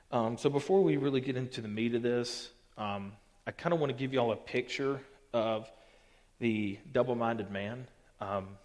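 A man's voice: mid-range voice, darkish tone. A man teaching a youth group Bible lesson in a casual, teasing way. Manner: casual, teasing and joking with listeners. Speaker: youth pastor. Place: church hall. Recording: long reverb of a church hall.

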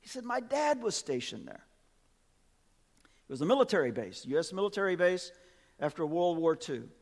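A man preaching a sermon in a high, ringing voice. He talks with strong emphasis, dropping to quiet asides and climbing to loud peaks. His voice carries a long reverb, as from a large hall. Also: sing-song, moderate pace, vocal fry.

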